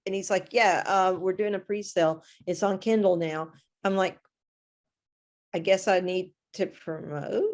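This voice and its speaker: A woman's voice: medium pitch, fairly even intonation, a little slow. A woman author being interviewed, chatting casually and acting out her own reactions as she tells a story. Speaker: guest author.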